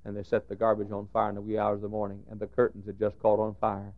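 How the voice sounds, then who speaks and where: A middle-aged man preaching a sermon, dropping to hushed storytelling and rising to shouted outbursts. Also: lowish voice, completely flat delivery, fast talker, phone-quality sound. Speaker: pastor. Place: church sanctuary.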